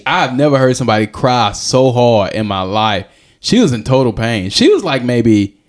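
A young man tells a story in a casual podcast chat. His pitch swings widely as he rambles and jokes, and he sounds lively and animated. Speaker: podcast host.

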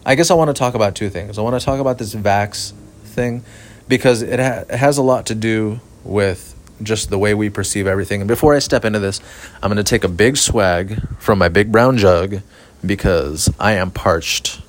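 A man hosting a casual solo podcast, ranting in a flat, monotone way, swearing often and rambling. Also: lowish voice, moderate pace. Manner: profane, rambling, self-aware. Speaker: podcast host. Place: outdoors at night near an apartment complex. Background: sprinklers.

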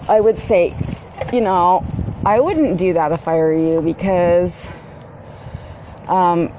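A woman vlogs at home in a slow, wandering monologue, stretching her words and filling the gaps with ums. Her voice sits fairly low for a woman. Clear background noise runs under everything she says. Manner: slow, drawn-out and meandering, with many fillers. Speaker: vlogger. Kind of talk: rambling casual monologue. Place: at home, walking into her garage with dogs barking nearby.

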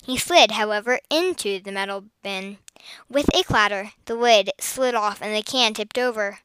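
A woman reading a children's story aloud in an expressive, lively way, recorded close in a quiet studio. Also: mid-range voice, moderate pace, smooth, low-quality recording. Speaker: narrator.

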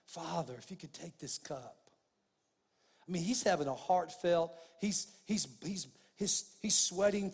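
A man preaching a sermon with fervour, repeating phrases and calling his listeners "guys" as he builds to emphatic, louder points. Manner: fervent, rising in pitch and volume when stressing points. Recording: long hall reverb.

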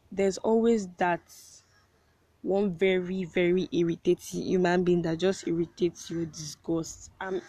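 A woman's voice: on the low side, a little mellow. A young woman in her first year at university, chatting to her viewers and telling a story with repeated words and frequent laughter. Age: young adult. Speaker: vlogger. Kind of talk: casual storytelling to camera.

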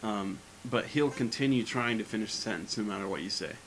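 A man in casual chat, telling a rambling anecdote in a relaxed way. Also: on the low side, a little fast, rough recording. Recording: faint hiss.

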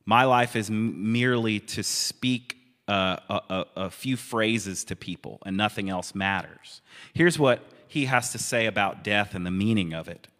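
A man preaching a sermon in a relaxed, conversational way, with amused asides. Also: lowish voice, a little slow. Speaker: pastor. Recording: long reverb of a hall.

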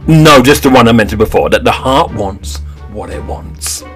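A man voicing a stubborn, self-righteous woman author who speaks slowly and defiantly. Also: mid-range voice, expressive, fairly bright tone, faint music behind, close to an everyday voice.

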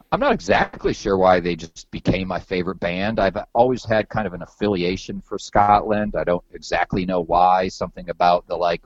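Very deep-voiced rambling podcast host man. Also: no room sound, lo-fi sound. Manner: rambling, loose and profane, heavy on "like" and repeated words. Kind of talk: casual chat.

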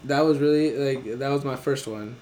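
A man's voice: medium pitch, moderate pace, a little mellow, a little hiss or hum. A young man telling a story among friends, laughing often and swearing freely. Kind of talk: casual chat, storytelling.

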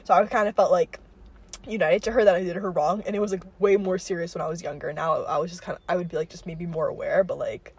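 A woman's voice: lowish voice, fairly even intonation, fast, a little mellow, slightly rough. A young woman hosting a podcast, telling a story in a rambling, profane way, full of fillers. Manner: rambling, profane, filler-heavy with frequent likes. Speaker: podcast host. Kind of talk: casual storytelling chat.

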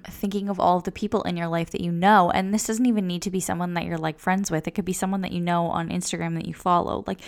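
A woman's voice: on the low side, smooth. A young woman vlogger talking casually and encouragingly to her viewers, with lots of "like" and "you know.". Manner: chatty and encouraging, says "like" and "you know" often. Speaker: lifestyle vlogger. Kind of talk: casual self-help talk to camera.

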